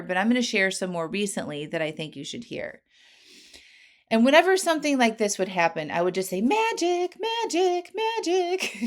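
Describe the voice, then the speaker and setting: A woman in her forties hosting a podcast, telling a personal story in an earnest, animated way with frequent asides to the listener. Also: medium pitch. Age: 40s. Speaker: podcast host.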